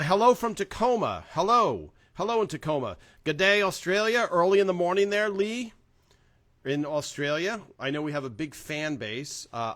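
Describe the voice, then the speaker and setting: A man's voice: on the high side, fairly bright tone. Chatty man hosting a fan livestream. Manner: chatty, greets viewers by name, many fillers. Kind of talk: casual livestream chat. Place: home in Southern California.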